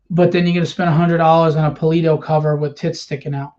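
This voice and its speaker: Man ranting, bitter, confrontational, higher-pitched voice, dull lo-fi recording. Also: little pitch movement, fast talker, darkish tone. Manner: bitter, confrontational, rhetorical questions. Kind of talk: impassioned rant to camera. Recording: dull lo-fi sound.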